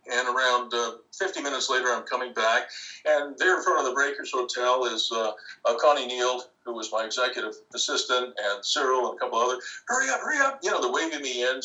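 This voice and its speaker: An older man, a podcast guest telling a long anecdote in an animated way, acting out other people's lines. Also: mid-range voice, far from the mic, poor audio. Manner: animated, acts out quoted voices. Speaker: interview guest. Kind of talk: storytelling anecdote.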